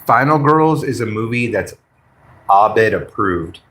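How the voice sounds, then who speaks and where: A man's voice: lowish voice, animated, unhurried, a bit bright. A man hosting a livestream, chatting casually with viewers in a blunt, profane, laid-back way. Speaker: livestream host. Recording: roomy echo.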